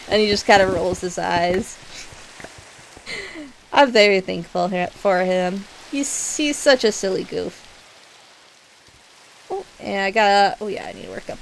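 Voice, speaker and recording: A woman streamer with a medium-pitched voice and vocal fry chats casually while playing a block-building game. She rambles, uses lots of fillers, and giggles often. Background noise is audible in the recording.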